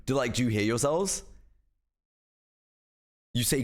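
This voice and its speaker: A man's voice: mid-range voice, measured pace, long pauses. A British man streaming a reaction to a video, incredulous and mocking, with some swearing. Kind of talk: casual reaction commentary.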